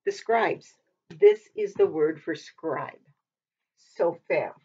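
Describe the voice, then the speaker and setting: A woman with a breathy voice leads an informal Hebrew lesson, thinking aloud and correcting herself as she goes. She sits back from the microphone, and the recording sounds dull and lo-fi. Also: low-pitched, takes it slowly, warm tone. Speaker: Hebrew teacher. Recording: dull lo-fi mic from a distance.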